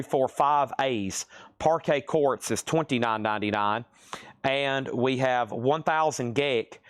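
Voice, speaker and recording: A man's voice: mid-range voice, dry recording. Man calling prices in a dry, close sound. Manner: brisk price callouts mixed with chatty self-deprecating asides; addresses buyers by name. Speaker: host selling records on a livestream. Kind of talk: live auction sales patter.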